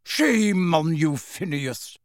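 A man's voice: fairly high pitch, lively intonation, slow pace, no room sound, studio quality. A man voicing a frail old wizard, a former headmaster, speaking in a reproachful, protesting tone. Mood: indignant.

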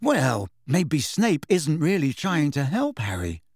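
A stubborn teenage boy wizard lowers his voice and speaks slowly with a dark, suspicious note, as a male audiobook reader plays him. The delivery is unhurried and deliberate. The sound is dry and close. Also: sing-song, no room sound. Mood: brooding. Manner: slow, dark, brooding. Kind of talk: audiobook character voice.

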